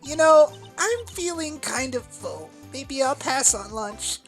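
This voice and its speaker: A woman's voice: sits high, animated, slow, faint music behind, full character voice. A woman reading a curious young assistant. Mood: earnest. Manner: earnest, questioning.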